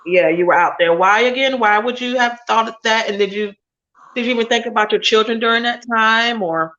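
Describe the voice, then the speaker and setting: A woman's voice: a little high, a little fast, pushed and bright, lo-fi sound. A woman hosting a radio show interview over a video call, talking casually with slang and emphasis. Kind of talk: emotional interview chat.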